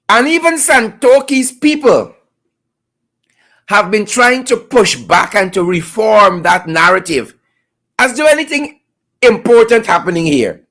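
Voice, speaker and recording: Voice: medium pitch, sing-song, measured pace, a bit bright. A host with a Guyanese accent giving mocking, sarcastic political commentary on a live stream, repeating points for emphasis.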